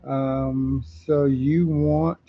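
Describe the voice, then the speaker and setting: A man's voice: medium pitch, little pitch movement, drawn-out words, dull audio. A man hosting a live comic auction stream, chatting casually, repeating prices and titles and reading out viewer comments.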